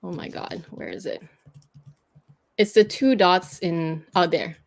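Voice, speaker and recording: A woman's voice: fairly low pitch, very animated, slow, creaky. A woman hosting a livestream, patiently explaining pronunciation rules step by step and laughing easily. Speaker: host teaching pronunciation.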